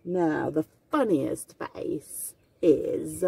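A woman teacher reads a children's picture book aloud outdoors, gasping and laughing as she acts out each feeling. She talks very slowly, and her mellow voice swoops up and down. She sits some way from the mic, with faint noise behind her. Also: low voice, creaky, slightly rough, distant mic. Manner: very slow, animated, acts out each emotion with gasps and laughs. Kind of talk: storybook reading for young learners. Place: outdoors in the mountains.

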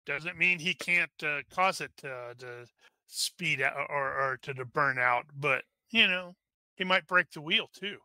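Male game master, bright crisp voice, dry close mic, halting delivery. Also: on the high side, no room sound. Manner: halting, many restarts and fillers. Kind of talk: narrating a tabletop game.

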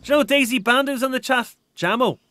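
A man's voice: extremely high pitch, fast, bright, forceful tone, no echo. An Irish man chatting casually while streaming a game, reading out viewer comments in a rambling, restart-prone way.

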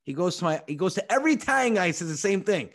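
A man's voice: high voice, very animated, fast talker, a bit bright. A young man, a comedian telling comic stories on a podcast, acting out the people he quotes. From United States. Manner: comic storytelling, acts out quoted voices, swears freely. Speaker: comedian guest. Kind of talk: animated storytelling.

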